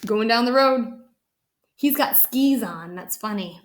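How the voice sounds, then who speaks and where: A woman's voice: fairly high pitch, expressive, unhurried. A woman reading a children's picture book aloud, chatting about the pictures as she goes.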